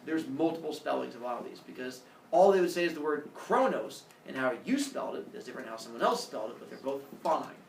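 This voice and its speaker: A man's voice: mid-range voice, animated, fast, gravelly, distant mic, a little hiss or hum. Joking male teacher in an echoey classroom. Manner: joking, playful storytelling. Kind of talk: classroom lecture.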